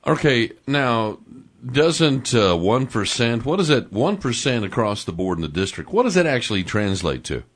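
A man's voice: mid-range voice, big pitch swings, normal speed. A man hosting morning radio, talking in a loose, folksy way with lots of fillers. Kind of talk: casual radio interview.

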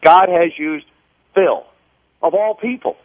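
A fervent, preacherly man heard over a tinny, narrow phone line, his voice a bit high and dry. He presses his points hard, stacking repeated words as he builds toward each one. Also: takes it slowly, no echo. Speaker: political guest on a call-in. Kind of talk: phone interview. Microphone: telephone.

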